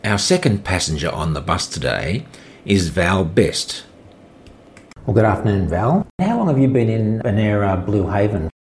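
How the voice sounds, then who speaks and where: A man's voice: lowish voice, sing-song, moderate pace, roomy sound, a little hiss or hum. A man hosting a community radio interview, introducing items in a friendly, encouraging way.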